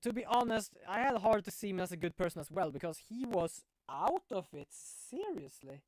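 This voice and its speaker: A man's voice: high voice, sing-song, normal speed, dry recording. A man voicing a bubbly, curious young female sidekick who talks in a chatty, slangy way. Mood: eager.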